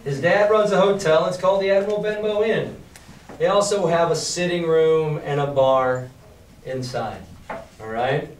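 A male teacher reads a novel aloud to his class and stops to explain it, putting the story into casual, chatty slang. His voice sits a little high. It sounds roomy and distant, as if recorded from the back of the classroom. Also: moderate pace, a little hiss or hum. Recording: roomy classroom, mic far off.

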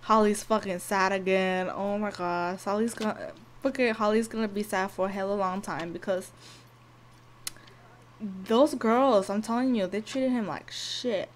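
A woman giving casual gameplay commentary, cursing and shouting at the game and speaking to viewers in slangy talk. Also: mid-range voice, fairly even intonation, a little slow, slight background noise. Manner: profane, loud outbursts at the game; slangy, talks to viewers directly. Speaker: gameplay video host.

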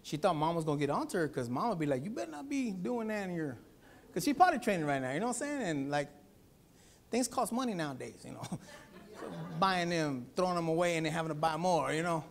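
A pastor preaching a Sunday sermon, telling a family story with acted-out voices. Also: male voice, on the high side, a little fast, creaky. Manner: animated storytelling, acts out voices.

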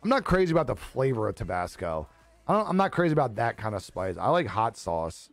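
A man's voice: mid-range voice, very animated, brisk, no echo. Young guy streamer, loose and jokey, lots of cursing, dry close mic. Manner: laid-back, joking, swears a lot, laughs often. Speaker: live streamer. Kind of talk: casual live-stream chat reading viewer comments. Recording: dry close-mic with faint music behind.

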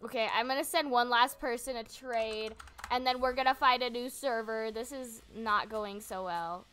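A woman's voice: a little high, moderate pace, bright, forceful tone, soft background music. A young woman casually commenting on her gameplay, chatty and giggly, thinking aloud as she goes. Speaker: gaming channel host.

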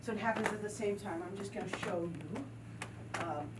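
A woman's voice: medium pitch, normal speed. A woman teaching a group drum and dance class, counting steps, chanting rhythm syllables and encouraging her students. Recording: distant mic with loud noise.

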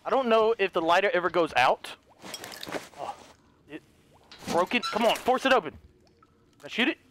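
A man doing let's play commentary, excitable, talking to his viewers, yelping and swearing as he plays. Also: high voice, moderate pace, background noise. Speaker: gaming youtuber.

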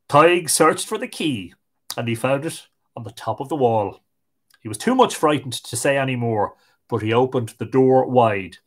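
An Irish man hosting a live stream, reading old fairy tales aloud in a lilting, expressive way. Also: medium pitch, slightly rough. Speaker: host and storyteller.

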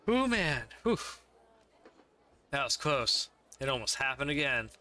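A man voicing a nervous, flustered male companion who hushes and stammers in a tabletop game. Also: mid-range voice, sing-song, a little slow. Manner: jittery, flustered and hushing. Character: nervous male tavern companion hiding a secret.

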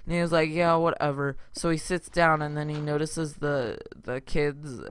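A man hosting a gaming channel, rambling through casual let's-play commentary with sudden loud outbursts. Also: a little high, fairly even intonation, normal speed, clean tone.

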